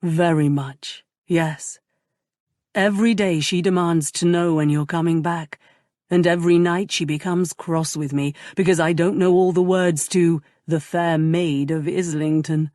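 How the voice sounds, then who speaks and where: A woman voicing a tender, remorseful young nobleman in love, speaking softly and earnestly. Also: on the low side, steady tone, a little slow, no room sound, clean studio sound, close to an everyday voice. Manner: soft, earnest and intimate.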